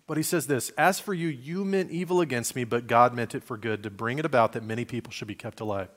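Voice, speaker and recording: A male pastor with a fairly high voice preaches in a lively, conversational style, acting out the voices of people he quotes and restarting phrases along the way.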